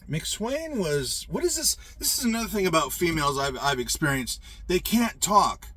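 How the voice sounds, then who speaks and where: Husky-voiced man ranting profanely. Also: fairly high pitch, very animated, a little slow, pushed and bright. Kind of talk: rambling monologue.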